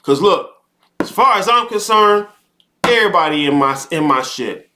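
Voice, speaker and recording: A man's voice: high-pitched, expressive, moderate pace, background noise. A man hosting a live monologue, preaching about time and spirit in a profane, heated rant, often repeating himself and asking "okay?". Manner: repeats words, frequent rhetorical "okay?". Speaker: host.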